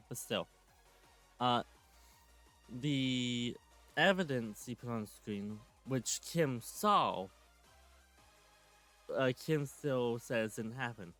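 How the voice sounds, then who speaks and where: Commenting on clips for his channel, a twentysomething man rants sarcastically and curses often. His voice sits at a medium pitch with a bit of brightness.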